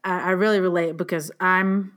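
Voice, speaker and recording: A woman's voice: fairly low pitch, fairly even intonation, normal speed, a bit bright. A woman in her twenties interviewing a guest, who responds in a sympathetic, frank way. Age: 20s.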